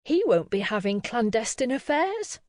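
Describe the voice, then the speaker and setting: A woman's voice: fairly high pitch, very animated, moderate pace, darkish tone, no echo, studio quality. A woman voicing a fussy, worried older woman who speaks in a fretful, insistent way.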